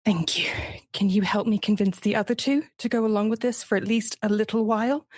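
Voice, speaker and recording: A woman's voice: mid-range voice, steady tone, a little fast, a little mellow, no room sound, clean studio sound. A woman playing a tabletop game, speaking earnestly as her character. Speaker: player. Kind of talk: tabletop role-play.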